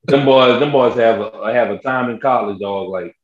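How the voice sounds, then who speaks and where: A young man, co-hosting a casual sports podcast, telling animated stories and acting out quotes. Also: moderate pace. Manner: animated storyteller, acts out quotes in a high voice. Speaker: podcast co-host. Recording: roomy, dull lo-fi sound.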